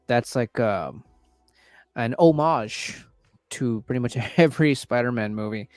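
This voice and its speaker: A man's voice: medium pitch, normal speed, dry recording. Chatty, foul-mouthed man with dry sound. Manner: loose, profane, chatty. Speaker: livestream host reviewing trailers. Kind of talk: casual livestream chat.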